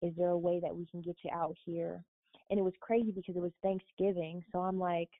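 Young woman guest from Florida, casual storyteller, slightly low voice, tinny phone-line sound. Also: a little fast, no room sound. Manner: animated, quotes others, laughs often.

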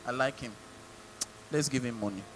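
A Nigerian preacher voicing God as a deep, offhand male deity, with a Nigerian English accent. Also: normal speed, a bit bright, slight background noise, natural voice, poor audio. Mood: dismissive.

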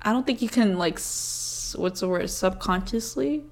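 A young woman co-hosting a podcast at home, talking loosely with plenty of filler words and swearing. Her voice sits in an ordinary middle pitch. She argues her point casually and plainly. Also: expressive, measured pace, faint music behind. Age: young adult. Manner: casual, heavy swearing, says "like" a lot. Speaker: podcast co-host. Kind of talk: casual chat.

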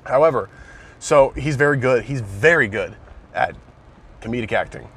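A man in casual conversation about movies, retelling scenes excitedly and swearing often, recorded in a car. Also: medium pitch, normal speed, slightly rough.

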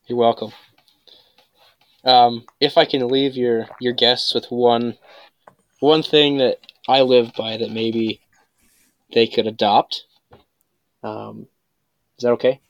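A man who works as a life coach, a guest on a podcast, speaking in a measured, hesitant way with many ums. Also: medium pitch, steady tone, dry recording, lo-fi sound. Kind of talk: casual podcast interview.

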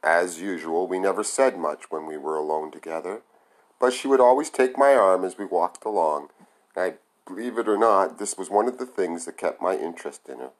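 Man reading a novel aloud, low voice, plain amateur delivery that trips now and then. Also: moderate pace, rough recording. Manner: plain amateur reading with small stumbles and self-corrections. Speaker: reader.

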